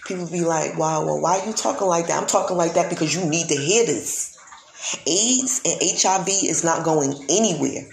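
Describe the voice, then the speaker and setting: A woman's voice: lowish voice, a little mellow. A woman vlogger in a casual monologue, talking emphatically and preachily, often repeating herself. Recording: echoey room.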